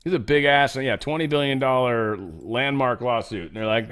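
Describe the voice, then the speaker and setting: A man's voice: medium pitch, big pitch swings, a little fast, hardly any pauses, fairly bright tone. A man hosting a show, reading news headlines and adding sarcastic, mocking commentary in a loose, casual way. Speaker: show host.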